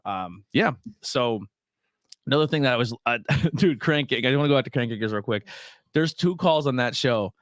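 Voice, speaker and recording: A male podcast host with a middle-pitched voice, recorded dry and close to the mic. He talks casually and with energy, drops curses now and then, and slips into quick impressions when he retells a story. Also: no room sound. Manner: animated storyteller, swears freely, acts out quoted voices.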